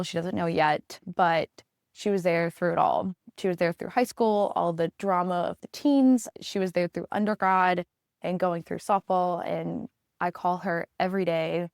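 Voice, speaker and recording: A woman's voice: lowish voice, gravelly, dry recording, studio quality. A young woman hosting a podcast, telling heartfelt stories about family in a casual, earnest, emotional way. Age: young adult. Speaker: podcast host, veterinary student. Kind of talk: casual solo podcast talk.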